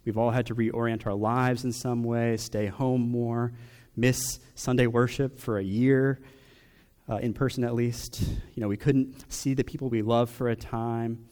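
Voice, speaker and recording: A young adult man preaching a personal sermon, asking question after question with long pauses. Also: medium pitch, level tone, a little mellow. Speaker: pastor.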